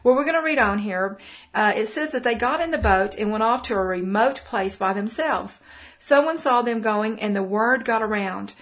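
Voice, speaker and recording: A woman's voice: a little high, normal speed. A middle-aged woman with a Texan accent giving a folksy, conversational Bible teaching, full of fillers and restarts. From Texas. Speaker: preacher.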